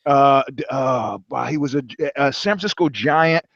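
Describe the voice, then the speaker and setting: A man's voice: medium pitch, lively intonation, moderate pace, fairly bright tone, dry recording, dull audio. A man co-hosting a podcast, chatting casually and jokingly and going off on mock-scolding rants. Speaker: podcast co-host. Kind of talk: casual comedic chat.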